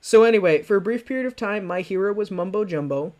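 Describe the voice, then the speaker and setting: Rambling, self-mocking male streamer, fairly high voice. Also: expressive, fast, darkish tone. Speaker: streamer reacting to his old videos. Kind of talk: livestream commentary.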